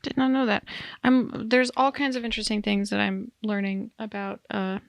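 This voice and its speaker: Woman co-host, casual and chatty, laughs at her own tangents, vocal fry, dry recording. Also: medium pitch, flat delivery, moderate pace, no room sound. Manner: chatty, giggly, rambling asides. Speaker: podcast co-host. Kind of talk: casual chat.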